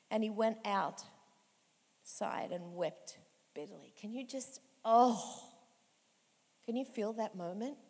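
A woman in her fifties, a pastor giving a conversational sermon with emphatic repetition, in a reverberant hall. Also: on the high side. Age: 50s. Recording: echoey hall with long reverb.

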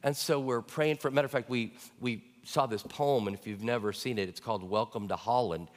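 A man's voice: medium pitch, a little fast, big-room sound. A middle-aged male pastor preaching a sermon, telling stories in a conversational way and often checking in with the congregation. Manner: conversational storytelling with frequent check-ins to the congregation.

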